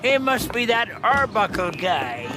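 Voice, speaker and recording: An actor voicing a curious, puzzled male passerby in a cartoon, speaking slowly. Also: high-pitched, sing-song, music in the background. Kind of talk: cartoon voice acting.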